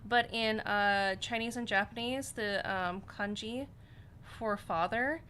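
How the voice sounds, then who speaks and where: A bubbly woman chatting casually on a livestream, rambling and giggling between thoughts. Her voice is bright and forward, with faint background noise in the recording. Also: mid-range voice, slow. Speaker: co-host reading chat comments.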